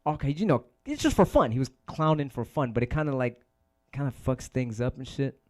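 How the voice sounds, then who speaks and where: A man's voice: mid-range voice, fairly even intonation, a little fast, a little mellow. A man hosting a casual livestream chat, rambling and swearing a lot, often repeating his phrases. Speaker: DJ and host.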